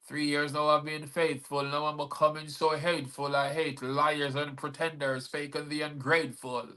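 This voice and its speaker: A man reciting a poem, voicing a betrayed and furious young woman in a low, seething delivery. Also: level tone, moderate pace, pushed and bright. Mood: hurt.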